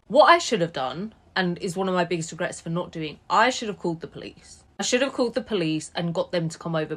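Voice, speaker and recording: Young woman, vlog storyteller, lower voice, lively and indignant telling of a personal story. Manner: animated, indignant retelling with quick asides. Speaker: TikTok storyteller.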